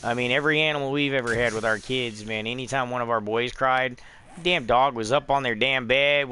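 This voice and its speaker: A man's voice: mid-range voice, steady tone, a little fast, pushed and bright, slight background noise. A middle-aged man chatting casually on a game stream, rambling through stories, swearing often and acting out the voices of the people in them. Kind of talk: casual chat on a live stream.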